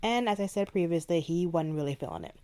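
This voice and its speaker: A woman hosting a book podcast, retelling a favorite scene in an animated, chatty way. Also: fairly low pitch, fast talker. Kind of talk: casual book review chat.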